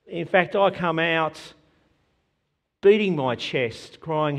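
A man preaching a sermon, earnest and measured, quoting scripture with emphasis. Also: on the high side, vocal fry.

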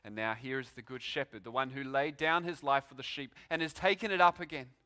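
A man preaching a sermon, his delivery swinging between loud, emphatic declarations and hushed, slow pauses. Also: medium pitch.

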